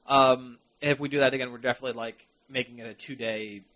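A man's voice: mid-range voice, steady tone, fast, bright, forceful tone. A man co-hosting a casual radio show, rambling with lots of fillers and restarts.

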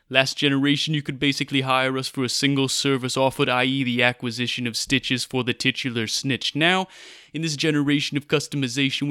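Man doing a comic mobster ad voice, slow, threatening, dry close sound. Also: fairly bright tone, clear, resonant tone, no echo, close to an everyday voice. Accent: put-on mobster accent. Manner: slow, drawling sales pitch with veiled threats. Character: menacing male mob-style ad spokesman. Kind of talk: comic mock advertisement.

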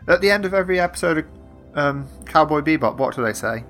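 A man's voice: fairly high pitch, expressive, quick pace, a bit bright, soft background music. A man co-hosting a podcast, wry and playful in casual chat. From England. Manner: wry, playful, self-mocking. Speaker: podcast co-host.

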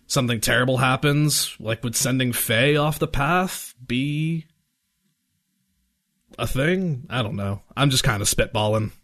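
A man's voice: medium pitch, unhurried, fairly bright tone. A man playing a tabletop game, talking in character in a casual, tentative way with fillers. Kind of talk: casual in-character role-play.

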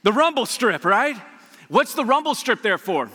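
A male pastor giving an energetic, conversational sermon full of rhetorical asides to the congregation. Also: very high voice, moderate pace, long reverb tail.

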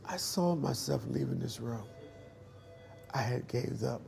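A man in an interview, telling his life story in a lively storytelling way and acting out the dialogue. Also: mid-range voice, a little slow, creaky, faint music behind.

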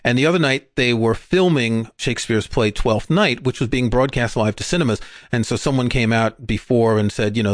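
A man from England talks casually as a podcast co-host, trading quick jokes and asides. His voice sits at a middle pitch. The sound is dry and close, with no room around it. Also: dry recording. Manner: chatty, joking, quick asides.

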